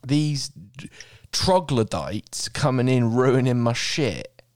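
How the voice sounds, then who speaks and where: A man's voice: medium pitch, lively intonation, slow, no room sound, studio quality. A man, a podcast co-host, telling a comic story in a sweary, mock-exasperated way. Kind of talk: casual comedic storytelling.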